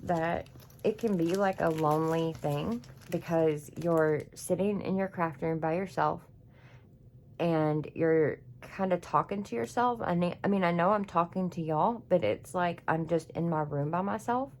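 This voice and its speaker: A craft YouTuber chats through an unboxing vlog from her home craft room, gushing and emotional, with plenty of "y'all." Her fairly low voice is unhurried and a little mellow, and a slight hiss or hum sits in the audio.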